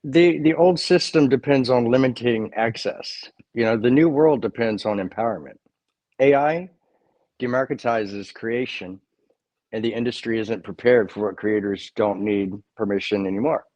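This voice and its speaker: A man guest in an interview, answering in short, measured declarative statements. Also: medium pitch, a little mellow, no room sound. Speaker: author and music creator, guest.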